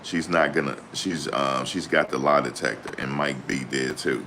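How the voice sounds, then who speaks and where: A man giving slangy, excitable reaction commentary on a trial, exclaiming and repeating his points. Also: very deep voice, normal speed, a little hiss or hum.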